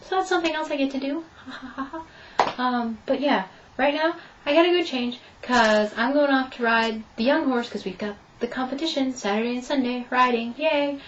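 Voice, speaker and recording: A woman's voice: high voice, normal speed, highs cut off, slight background noise. A young woman telling a story in a casual vlog update, chatting and acting out both sides of her conversations. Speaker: vlogger.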